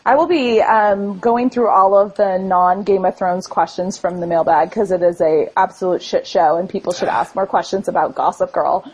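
A woman's voice: mid-range voice, steady tone, moderate pace, few pauses, slightly rough, rough recording. A woman co-hosting a podcast, blunt and sarcastic, reading out listener questions. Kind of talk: casual podcast chat.

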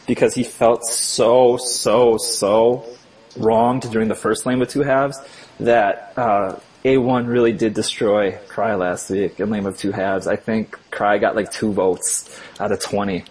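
A man co-hosting a sports podcast, wry and jokey, halting with fillers and restarts. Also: on the low side, fairly even intonation, darkish tone. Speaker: podcast co-host. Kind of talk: casual joking chat.

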